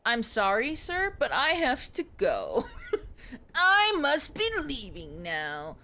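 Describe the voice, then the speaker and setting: A woman's voice: very high-pitched, wildly swooping pitch, a little slow, sharp tone, pitched above the performer's own voice, full character voice. A woman voicing a nervous male traveler in a horror game, jumpy and apologetic. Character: nervous young male traveler, easily startled.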